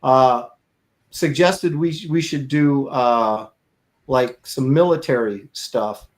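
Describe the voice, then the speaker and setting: A man's voice: medium pitch, takes it slowly, a little hiss or hum. A middle-aged man, a comic artist co-hosting a podcast, telling stories in a rambling, casual way with many fillers and restarts. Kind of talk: casual storytelling chat.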